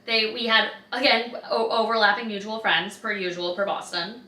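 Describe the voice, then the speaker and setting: A woman's voice: mid-range voice, normal speed, far from the mic. A young woman vlogging in a casual, chatty way, telling stories with lots of "like". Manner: chatty, lots of "like", animated retelling. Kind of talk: casual vlog chat. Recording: roomy sound from off-mic.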